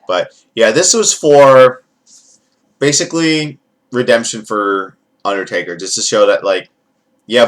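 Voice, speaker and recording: A man's voice: lowish voice, fairly bright tone. Rambling, foul-mouthed male reviewer. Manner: rambling, profane, jokey. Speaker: wrestling event reviewer. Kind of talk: casual commentary review.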